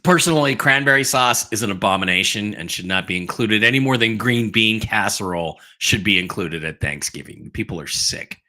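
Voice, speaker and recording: Man, livestream host, bright tone, rambling, casual, many fillers. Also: lowish voice, lively intonation, brisk, hardly any pauses. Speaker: host of an online news livestream. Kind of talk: casual livestream chat reading viewer comments.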